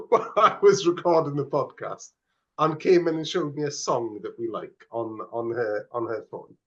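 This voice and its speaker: A man's voice: mid-range voice, unhurried, a bit bright. A man co-hosting a podcast, chatting casually, laughing often and stumbling over his words. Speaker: podcast co-host. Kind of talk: casual chat. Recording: slightly dull lo-fi audio.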